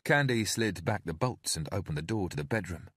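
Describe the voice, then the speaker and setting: A man narrating an audiobook in a measured, even storytelling manner. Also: sits low, breathy edge, no echo, studio quality. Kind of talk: scripted narration.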